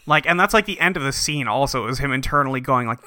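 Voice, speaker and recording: A man's voice: mid-range voice, animated, fast talker, sharp tone, no room sound. A man co-hosting a podcast, recapping a book in a snarky, mocking, giggly way on a close mic. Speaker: podcast co-host. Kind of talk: comedic book recap chat.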